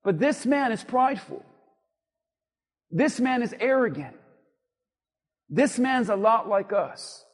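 A man preaching a sermon to a church congregation, with an emphatic, repetitive cadence that swells toward near-shouts. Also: very high voice, expressive, takes it slowly, long pauses. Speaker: pastor. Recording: long hall reverb.

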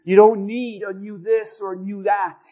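High-voiced animated male preacher. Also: moderate pace, muffled recording. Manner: animated storytelling, swings between loud bursts and hushed lines. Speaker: pastor. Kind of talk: sermon.

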